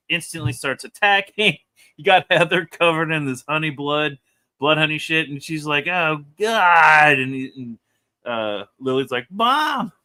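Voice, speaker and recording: A man reviewing comic books in casual chat, animated and rambling, laughing often as he talks. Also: fairly high pitch.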